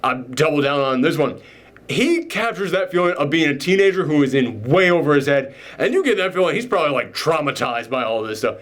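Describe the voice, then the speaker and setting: A man's voice: on the high side, very animated, a bit bright. Enthusiastic man recapping a movie. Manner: enthusiastic, rambling, acts out scenes in quick voices. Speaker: podcast host. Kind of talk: casual movie reaction chat.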